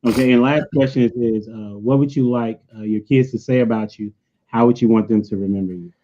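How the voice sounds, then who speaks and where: A man's voice: medium pitch, steady tone, brisk, warm tone, dull audio, slight background noise. A man hosting a casual interview over a video call, talking in a laid-back, slangy, encouraging way. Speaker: podcast host.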